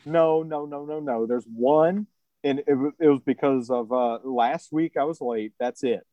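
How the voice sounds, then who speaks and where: A man's voice: medium pitch, unhurried, no room sound, muffled recording. A man co-hosting a podcast, arguing insistently and repeating himself. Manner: argumentative, insistent, repeats words. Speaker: podcast co-host. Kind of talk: casual banter.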